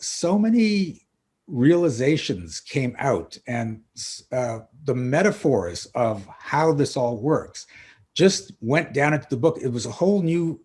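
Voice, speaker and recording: A middle-aged man, a coach and author, guesting on a podcast and telling lively stories, acting out the dialogue. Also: medium pitch, husky. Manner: animated storyteller acting out dialogue. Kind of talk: casual interview storytelling.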